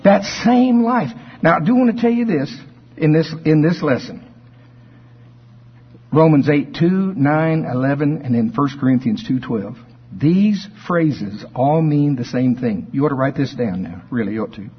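A male preacher delivering a sermon, telling folksy stories and bursting into shouts of praise. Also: on the high side, lively intonation, measured pace, breathy edge, lo-fi sound.

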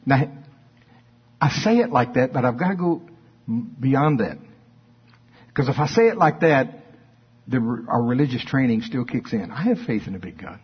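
A preacher delivers a church sermon in a very husky, breathy voice. He climbs into loud, high rhetorical questions and then settles into low, confiding asides. The recording is dull and lo-fi. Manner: preaching with rising emphatic questions and folksy asides. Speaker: pastor.

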